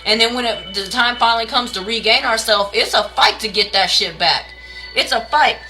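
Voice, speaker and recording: Over soft background music on a rough recording, a woman's high-side, pushed and bright voice moves at a moderate pace. She's reading tarot on a late-night stream from home, ranting bluntly with plenty of profanity, calling viewers baby and y'all and greeting chat by name.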